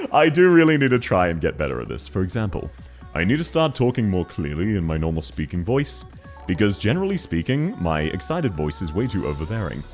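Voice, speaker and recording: A man chatting casually on a livestream, excitable and quick to laugh, talking fast and loud when worked up. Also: low-pitched, soft background music. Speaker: streamer.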